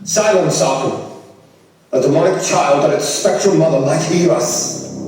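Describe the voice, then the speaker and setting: A man's voice: a little high, unhurried, recorded from a distance, background noise, natural voice. A man playing a tormented grieving widower. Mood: brooding. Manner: theatrical, anguished stage delivery. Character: grieving widowed father, tormented, sliding into madness. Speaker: stage actor. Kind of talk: stage musical acting with narration. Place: theatre stage. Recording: echoey theatre stage from afar, with music.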